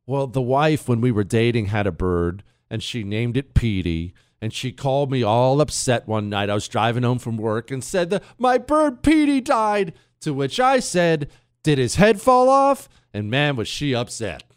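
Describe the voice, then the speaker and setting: A man hosting a talk radio show, telling stories in a casual, animated way and laughing at his own jokes. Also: medium pitch, normal speed, hardly any pauses, smooth, no echo, clean studio sound. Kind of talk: casual storytelling monologue. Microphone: studio mic.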